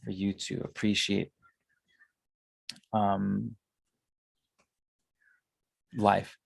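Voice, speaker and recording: A man's voice: lowish voice, level tone, very slow, gravelly, slightly rough, no room sound. A man in his thirties, a tarot reader, talking in a casual, rambling monologue and swearing often. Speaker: tarot reader and spiritual consultant.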